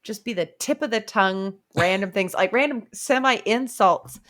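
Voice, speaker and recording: Woman chatting about books, acts out characters' lines, middle pitch. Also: normal speed. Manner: animated retelling, playing out characters' lines. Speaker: podcast co-host. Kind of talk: casual book club chat.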